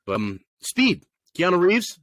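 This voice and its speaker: Rambling, animated man on a podcast. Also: sits high, measured pace. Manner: rambling, animated, laughs often, acts out quotes. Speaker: podcast co-host reviewing movies. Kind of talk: casual chat.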